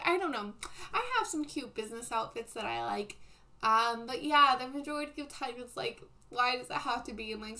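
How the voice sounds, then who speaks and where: A young woman with a bright, fairly high voice chats casually with her stream's viewers. She rambles and laughs often and fills her speech with "like" and "um." It sounds like an easygoing livestream. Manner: filler-heavy, says "like" and "um" a lot.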